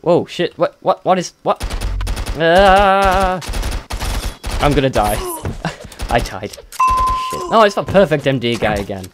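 A young British man casually commentating a game he is playing, excitable and self-mocking, blurting out swears. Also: on the high side, slow, pauses often. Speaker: let's play gamer. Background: game music.

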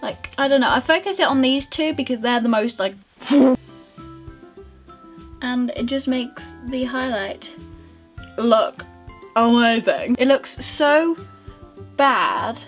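A young woman talking through her makeup routine in a bubbly, rambling, self-mocking way. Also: fairly high pitch. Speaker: beauty vlogger. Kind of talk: casual makeup tutorial chat.

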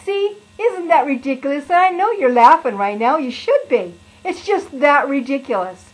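Woman playing a playful high-voiced preaching lion. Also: expressive, normal speed, low-quality recording. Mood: gentle. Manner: playful, sing-song, exaggerated. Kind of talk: children's sermon in character.

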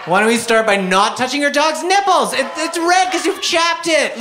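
An exasperated male stand-up comedian rants on a live stage, his pitch swinging up and down animatedly. The recording comes from a noisy live club, with steady noise behind his voice. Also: moderate pace, few pauses. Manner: exasperated, ranting.

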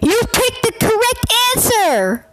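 A woman with a very high, piping voice reacts to a game in loose, unhurried commentary. She scolds what she sees with blunt, coarse words and suddenly flares into shouts. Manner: excitable, bursts into shouts and gasps. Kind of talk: casual gameplay reaction commentary.

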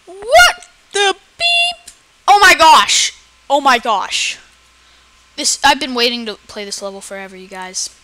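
A woman giving excitable let's play commentary, often yelling at the game. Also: on the high side, normal speed. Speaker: gamer. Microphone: personal computer mic.

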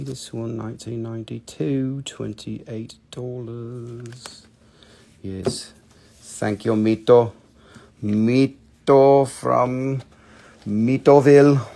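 A man's voice: mid-range voice, creaky, darkish tone. A man in his forties hosting a live crystal sales show, chatty and jokey, sometimes slipping into a put-on accent. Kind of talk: casual live-stream selling.

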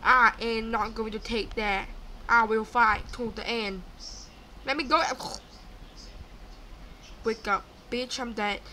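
A young woman with a high, bright voice narrates her game as she plays, excitable and chatty, talking back at the characters on screen. A faint hiss of game ambience sits under her voice. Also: takes it slowly, long pauses. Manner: excitable, screams and gasps, talks to game characters. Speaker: gaming YouTuber. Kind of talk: live gameplay commentary.

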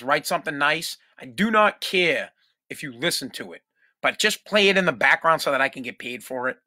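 A man hosts a solo podcast and rants at length, swearing and sounding exasperated. His voice is bright and fairly high, and the sound is close and dry. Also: no room sound. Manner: profane, exasperated ranting. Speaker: podcast host. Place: home.

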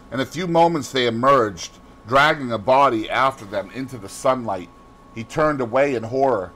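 A man reading a classic novel aloud as an audiobook narrator, in an expressive, measured storytelling manner. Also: mid-range voice, slight background noise.

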